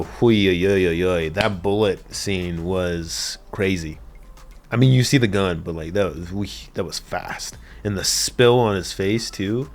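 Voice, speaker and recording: A man hosting an anime reaction video, chatting casually, swearing and laughing often as he rambles with lots of fillers. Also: fairly low pitch.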